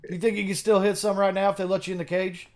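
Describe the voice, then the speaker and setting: Brash high-voiced male podcast host. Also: level tone, quick pace. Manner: brash, joking, swears freely. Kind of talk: casual podcast talk.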